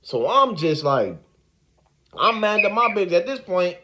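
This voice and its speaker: High-voiced man telling a story. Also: measured pace, noisy background. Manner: animated, slangy, repeating filler words. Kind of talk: casual storytime.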